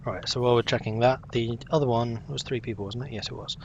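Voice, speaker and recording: A young man streams a game, talking fast in a steady, medium-pitched voice with vocal fry. The recording has its highs cut off and slight background noise, and he chats casually with his viewers and himself.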